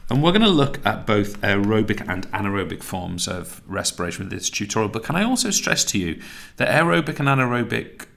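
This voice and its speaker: A man's voice: on the low side, very animated, a little fast, vocal fry, a bit bright. A man teaching a recorded tutorial lesson, chatty and self-correcting, laughing at his own slips.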